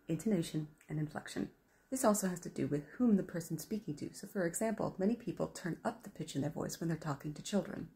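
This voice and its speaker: Fast low-voiced North American woman. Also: gravelly, a little mellow. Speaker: language channel host. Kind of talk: explainer monologue to camera.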